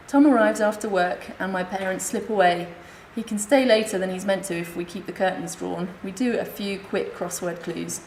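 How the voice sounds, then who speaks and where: Dry, wry woman reading aloud at a talk, roomy echo, bit of hiss. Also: mid-range voice. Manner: wry, deadpan, quick. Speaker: conference speaker. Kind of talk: reading a comic illustrated memoir aloud. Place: hospital conference room. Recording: echoey lecture room, faint hiss.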